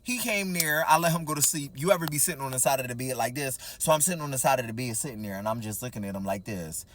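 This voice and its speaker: A man telling a personal story in a casual storytime monologue, animated, talking straight to the audience and acting out the dialogue. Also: mid-range voice, fast talker, slight background noise.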